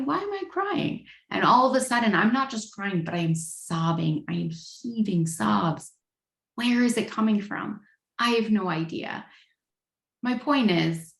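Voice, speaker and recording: A woman in her thirties gives a frank, self-deprecating personal share at a recovery meeting. Her voice sits a little low with a gravelly fry. The sound carries the echo of a roomy space.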